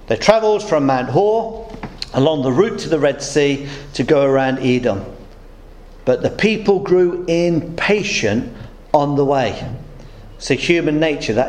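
A man's voice: on the high side, a little mellow. Preacher man in a roomy church. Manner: storytelling with humorous anecdotes. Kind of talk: sermon. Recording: roomy echo.

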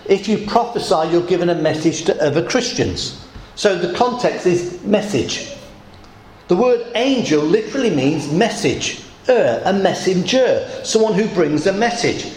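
A man preaching a sermon to a congregation, leaning hard on key phrases and repeating them slowly, with dry asides. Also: high-pitched, lively intonation, a little mellow, slight background noise. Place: church hall. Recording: echoey church hall.

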